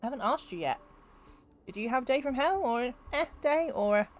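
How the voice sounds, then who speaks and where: A woman's voice: high-pitched, animated, a little fast. A young woman streaming a video game, chatting and giggling with her viewers as she plays. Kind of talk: casual gameplay commentary.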